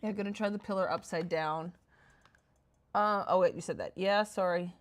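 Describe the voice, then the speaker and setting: A woman chatting casually with her viewers while playing a game, excitable and talking to herself as she goes. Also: on the low side, moderate pace. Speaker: game streamer.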